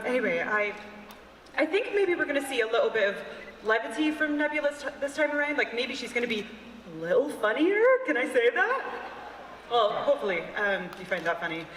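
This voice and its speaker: A woman's voice: fairly high pitch, fairly bright tone, a little hiss or hum. A woman answering playfully as an actress on a convention panel. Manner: giggly, playful. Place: large convention hall stage. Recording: echoey hall with long reverb.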